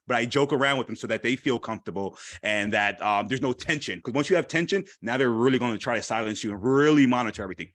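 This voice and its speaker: A man speaking candidly at a live event, animated and repeating phrases for emphasis. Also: mid-range voice, fast talker, hardly any pauses, no echo. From Haitian heritage. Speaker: panel speaker. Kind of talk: candid personal talk.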